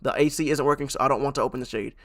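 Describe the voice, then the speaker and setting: A young man streaming and reacting to online posts. He swings from loud outbursts to low mutters and restarts his sentences often. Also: steady tone, racing. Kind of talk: live-stream reaction commentary.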